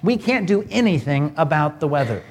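A man's voice: fairly high pitch, expressive, moderate pace, slightly rough, long reverb tail. A pastor giving a conversational sermon, asking rhetorical questions as he preaches.

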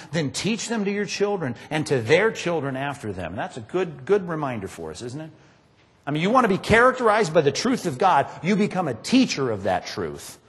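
A man preaching a sermon, emphatic and animated, often asking his congregation rhetorical questions. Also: high-pitched, big-room sound. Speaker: pastor.

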